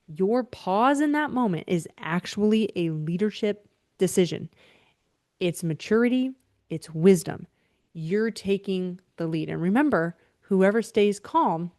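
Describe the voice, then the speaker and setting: A woman giving parenting advice as a faith-based behavior coach, teaching in an animated, emphatic way and checking in with listeners. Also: mid-range voice, dry recording, clean studio sound.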